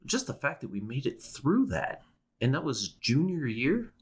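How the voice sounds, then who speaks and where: A man's voice: mid-range voice, sing-song, a little slow, husky. A young man co-hosting a podcast, talking casually and rambling with restarts and laughs. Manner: rambling, self-interrupting, with frequent restarts and laughs. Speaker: podcast co-host. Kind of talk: casual chat.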